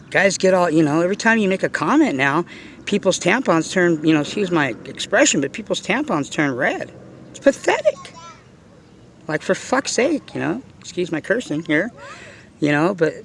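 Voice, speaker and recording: A man's voice: a little high, gravelly, a bit bright, a little hiss or hum. A middle-aged man giving a casual ranting monologue about his hobby, blunt and profane, rambling with lots of fillers. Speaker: RC car hobbyist vlogger. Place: outdoors.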